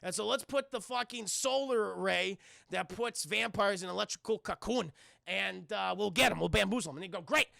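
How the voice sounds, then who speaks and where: A man recounting a cartoon episode to his live chat in a casual, animated, profane way. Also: high voice, normal speed, vocal fry, no echo, clean studio sound. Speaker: streamer and reviewer.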